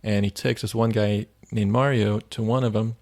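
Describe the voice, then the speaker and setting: A man's voice: fairly low pitch, steady tone, moderate pace, gravelly, darkish tone. A man co-hosting a faith podcast, retelling stories in a rambling, casual way with lots of "like.". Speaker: podcast co-host.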